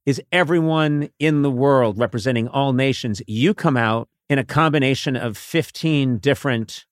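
An older man hosting a podcast in casual banter, animated and teasing in a mock-pompous way. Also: medium pitch, moderate pace, no room sound, clean studio sound. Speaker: podcast host.

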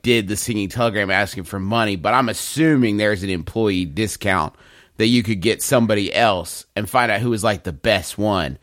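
A man's voice: low-pitched, a bit bright, no echo. Dry-voiced rambling comedy podcast man. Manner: rambling, spins absurd scenarios. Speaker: podcast co-host.

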